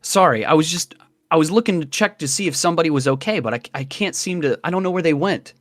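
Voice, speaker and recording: A man's voice: fairly high pitch, fast talker, no echo, pitched above the performer's own voice, natural voice. A man voicing a flustered young male tiefling magician who stammers and frets over whether everyone is safe. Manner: worried, stammering, fussing over others.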